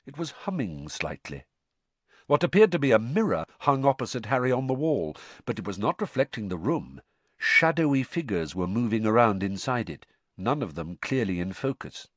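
A man narrating a storybook aloud with an expressive, lively delivery. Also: mid-range voice, moderate pace, no room sound. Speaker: audiobook narrator.

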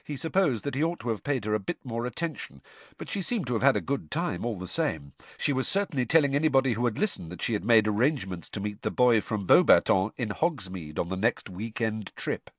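Expressive male audiobook narrator. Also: mid-range voice, fairly quick, no echo.

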